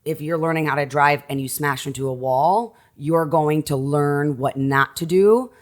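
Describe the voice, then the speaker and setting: A woman's voice: deep voice, moderate pace. A woman in her thirties, an actress guest on a podcast, talking animatedly and gesturing with her hands. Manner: animated, talks with her hands, many restarts. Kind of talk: casual conversation.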